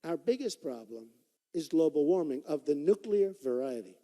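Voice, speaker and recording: A political candidate giving an off-the-cuff campaign rally speech, emphatic and repetitive. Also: male voice, on the high side, sing-song, moderate pace, mellow. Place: large indoor rally venue. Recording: long echo of a large hall.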